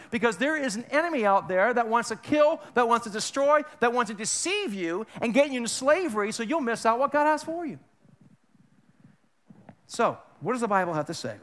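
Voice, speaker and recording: High-voiced man preaching a lively sermon. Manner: animated, conversational preaching with repeated restarts and rhetorical questions; jokes with the congregation. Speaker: pastor. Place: church sanctuary.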